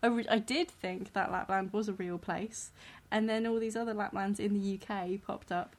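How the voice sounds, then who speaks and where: A woman's voice: medium pitch, steady tone, moderate pace. A woman from the UK co-hosting a podcast in casual chat, giggly and rambling. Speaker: podcast co-host.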